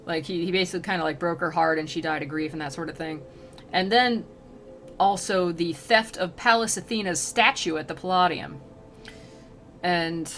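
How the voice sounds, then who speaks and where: A woman streamer casually retelling a classic poem, sarcastic, rambling and animated. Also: fairly low pitch, normal speed, faint music behind.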